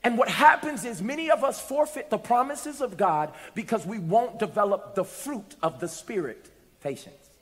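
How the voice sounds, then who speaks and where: A man preaching a sermon in a church, animated and humorous, pulling the congregation in with questions. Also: sits high, moderate pace. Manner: animated, humorous, call-and-response. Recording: echoey hall.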